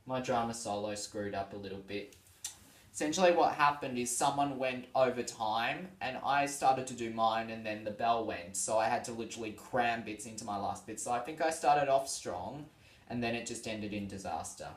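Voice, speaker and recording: A tired man hosting a vlog reads tweets aloud in casual chat, yawning and laughing often between them. His mid-range voice moves at a moderate pace, and the sound is roomy, as though he's distant from the mic.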